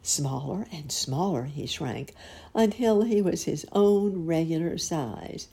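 A woman reading a children's story aloud, unhurried and expressive. Her low voice is dark and gravelly with a husky roughness, and it moves through a lively melodic range. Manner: slow, expressive.

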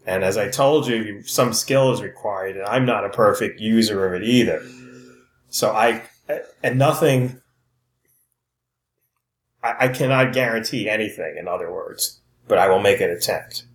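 A man's voice: on the low side, normal speed. A man playing in a tabletop game, speaking in a formal, hesitant manner. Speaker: player. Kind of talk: in-character tabletop play. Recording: echoey room.

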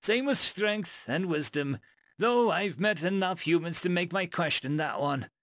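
A man doing a pedantic alien crewmate, a touch high. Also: unhurried, fairly bright tone, no echo, studio quality. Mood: explaining. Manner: matter-of-fact, over-explaining.

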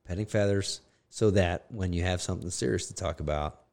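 A man's voice: sits low, a little fast, darkish tone. A man who is a guest on a podcast, a veteran landing signal officer, chatting casually with short, dry interjections. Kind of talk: casual chat.

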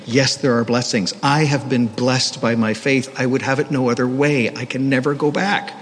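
A male pastor preaches in a candid, conversational way, often poking fun at himself, at a mid-range pitch. His voice rings with a long hall reverb over a faint wash of background noise. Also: steady tone, moderate pace. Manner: candid, self-deprecating, conversational. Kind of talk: sermon. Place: church.

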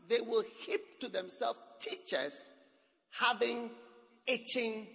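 A man preaching a sermon, moving from low murmurs to shouted exhortation. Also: slow pace, in a large hall.

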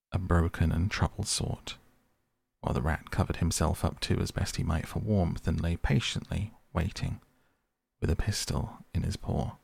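A man reading a storybook aloud in a measured, expressive narration. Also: deep voice, vocal fry, slightly rough, dry recording.

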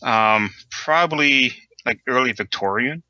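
Bright-voiced man running a tabletop game. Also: medium pitch, a little slow, dry recording, highs cut off. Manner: hesitant, filler-heavy narration. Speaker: game master. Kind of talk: narrating a tabletop game and voicing NPCs.

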